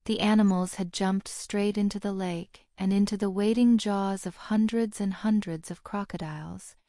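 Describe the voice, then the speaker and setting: This is scripted narration of a fantasy audiobook, read by a woman in a medium-pitched voice with a steady storytelling delivery. It has studio quality and no room sound.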